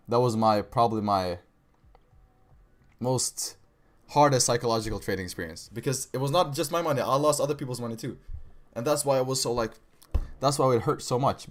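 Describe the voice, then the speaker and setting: A young man hosting a live trading stream, chatting casually with viewers in slangy speech, saying "bro" and "right" a lot. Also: mid-range voice. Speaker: livestream trading host. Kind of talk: casual livestream chat reading viewer questions.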